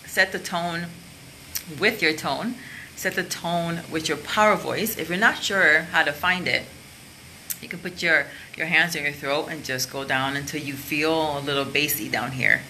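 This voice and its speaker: A woman's voice: deep voice, unhurried, sharp tone, a little hiss or hum, rough recording. A woman coach giving a casual, chatty lesson to camera and showing the points with her own voice. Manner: open, chatty, demonstrates with her voice. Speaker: career and sales coach.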